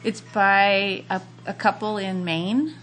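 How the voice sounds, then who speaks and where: A woman's voice: mid-range voice, fairly even intonation, slow pace, a bit bright, slight background noise. A woman hosting a radio chat, eagerly telling stories about the books she reads. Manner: enthusiastic, chatty storytelling.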